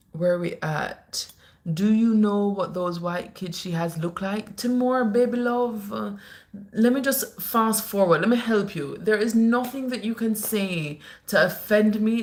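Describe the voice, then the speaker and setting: A woman hosting a casual livestream on her phone, reading comments with animated, teasing swings between high playful lines and low asides. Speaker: livestream host. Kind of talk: casual live-stream chat reading comments.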